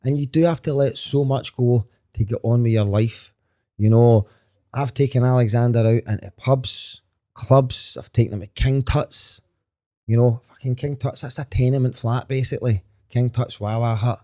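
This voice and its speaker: A man's voice: mid-range voice, fairly even intonation, moderate pace, mellow. A Scottish comedian in his thirties, talking as a podcast guest in a frank, earnest way, telling stories and swearing casually. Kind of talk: candid conversational storytelling.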